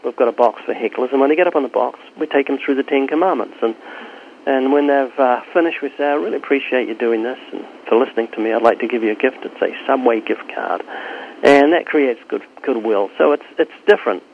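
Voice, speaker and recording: Gravelly man, tinny phone-like sound. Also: mid-range voice, fast, a little hiss or hum. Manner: animated, acts out both sides of conversations. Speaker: street preacher. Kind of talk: interview answers, storytelling.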